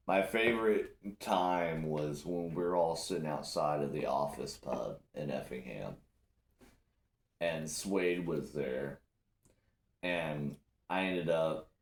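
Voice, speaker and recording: A man hosting a casual chat, telling loose, profane stories with lots of energy. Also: sits low. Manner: loose, profane, animated storytelling. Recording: echoey room with faint noise.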